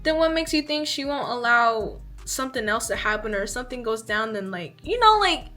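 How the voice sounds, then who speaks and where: A woman's voice: fairly high pitch, animated, a little fast, bright, forceful tone, soft background music. Chatty young woman telling a story. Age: 20s. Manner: chatty, fills speech with "like", acts out dialogue. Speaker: vlogger. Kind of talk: casual storytime.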